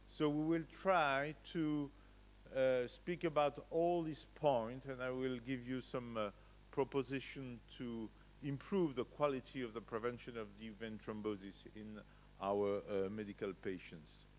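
A man with a French accent and French as his first language, giving a conference lecture with frequent pauses and restarts. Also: mid-range voice, a little hiss or hum, rough recording. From France. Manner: hesitant, frequent filler sounds and restarts. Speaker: medical lecturer. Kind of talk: conference presentation. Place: conference hall.

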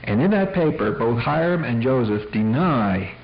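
A man's voice: medium pitch, lively intonation, normal speed, vocal fry. A man giving an informal teaching talk on apologetics, telling Bible stories in a folksy way with acted-out voices. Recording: dull 1980s tape recording.

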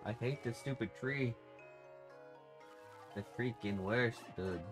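A man narrates his video game playthrough in casual, offhand commentary. His pitch sits in a plain middle range, and his remarks come across wry and loose, with the odd curse. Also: slow, over music. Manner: offhand, wry, occasionally swearing. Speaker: video game let's-play host.

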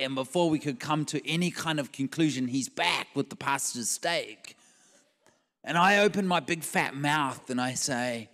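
In a large church hall thick with long reverb, a guest preacher tells a story in his sermon, performing each character's lines. His mid-range voice has a fairly bright tone and a moderate pace.

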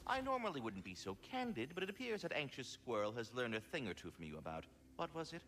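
An actor playing a fussy, pompous male squirrel spirit in a video game, speaking in florid, prim phrases and quick to get flustered. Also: medium pitch, sing-song, a bit bright, a little hiss or hum. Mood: haughty. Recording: game music behind the voice. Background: game music.

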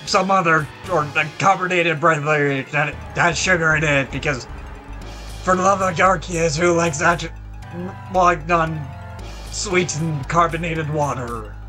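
Let's play host, slow and bright-toned, self-mocking commentary. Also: medium pitch, soft background music. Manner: joking asides and self-mocking laughs. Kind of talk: casual gameplay commentary.

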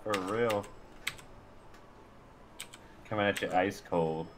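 A man trash-talks his partner crudely through a co-op game. His voice is a bit low, slow and lively in pitch. A faint noise sits behind him. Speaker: gaming host. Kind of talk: casual co-op gameplay commentary.

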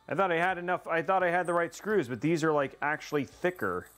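A man's voice: on the high side, expressive, quick pace, fairly bright tone, faint music behind. A man live-streaming a PC build, talking to his chat in a playful, rambling way and teasing them.

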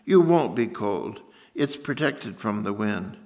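A man voicing a blunt, solemn middle-aged German doctor who speaks English haltingly, with slips and broken grammar. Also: on the low side, lively intonation, darkish tone.

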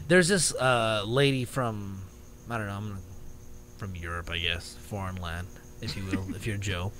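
Over some background noise, a lowish male voice takes his time. He's a podcast co-host, animatedly recounting a story in easygoing chat and laughing at himself along the way.

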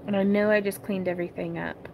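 A woman's voice: mid-range voice, steady tone, quick pace, gravelly, a crowd in the background. Chatty woman hosting a craft livestream. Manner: chatty, giggly, talks to viewers as y'all. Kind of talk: casual crafting tutorial livestream.

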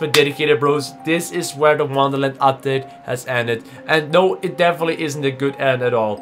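A man's voice: medium pitch, a little fast, hardly any pauses, a bit bright, faint music behind. A man hosting a let's play, commenting emotionally and talking straight to his viewers. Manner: emotional, addresses viewers directly. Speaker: gaming channel host.

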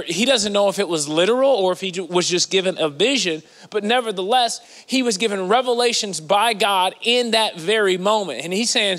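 In a vast church hall whose long reverb lingers after each phrase, a guest preacher gives a sermon in a high, bright, forceful voice. His delivery is animated and conversational, alternating loud bursts with hushed asides.

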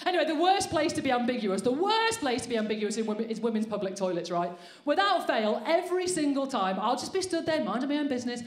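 A woman's voice: high-pitched, very animated, fast. A woman doing a brash, sweary, self-mocking stand-up set on a comedy club stage. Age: 40s. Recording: roomy live venue sound.

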